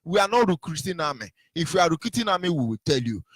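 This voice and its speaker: A man's voice: on the high side, big pitch swings, fast, a bit bright, dry recording. Fiery Nigerian man preaching to listeners. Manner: preachy, repeats rhetorical questions, sometimes sings lines. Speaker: activist broadcaster. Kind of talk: impassioned political monologue.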